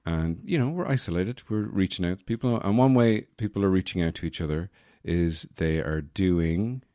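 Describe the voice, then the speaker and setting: A man's voice: low-pitched, moderate pace, dark tone, no echo, clean studio sound. Rambling, jokey male podcast host. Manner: rambling and jokey, self-correcting asides. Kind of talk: casual solo podcast chat. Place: apartment.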